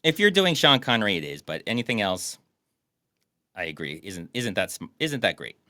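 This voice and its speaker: A man's voice: on the low side, big pitch swings, moderate pace, bright, forceful tone, dry recording. A man co-hosting a casual podcast, bantering and joking about a movie. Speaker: podcast co-host. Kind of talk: casual chat.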